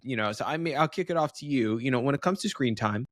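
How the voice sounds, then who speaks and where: A man's voice: medium pitch, expressive, fast, no room sound, clean studio sound. A man in his thirties co-hosting a casual dad podcast over a remote call, rambling with lots of fillers and frequent laughs. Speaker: podcast co-host. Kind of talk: casual chat. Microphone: remote call over home internet.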